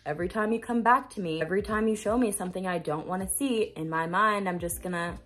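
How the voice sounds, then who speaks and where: Husky-voiced woman coaching earnestly. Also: mid-range voice, fast talker, fairly bright tone, faint music behind. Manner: earnest, emphatic, repeats phrases for stress; casual, swears now and then. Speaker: manifestation coach. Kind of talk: motivational self-help talk to camera.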